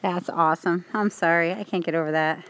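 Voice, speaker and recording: A woman's voice: on the low side, fairly even intonation, a little fast, a bit bright, slight background noise, low-quality recording. A woman casually narrating to the camera while exploring an old site outdoors in the cold. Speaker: paranormal investigator filming a site visit.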